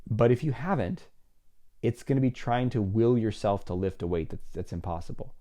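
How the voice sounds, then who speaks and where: Animated man with a mellow, low voice. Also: moderate pace. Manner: animated, acts out little dialogues with shifting voices. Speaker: podcast host, psychologist. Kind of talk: solo podcast advice monologue.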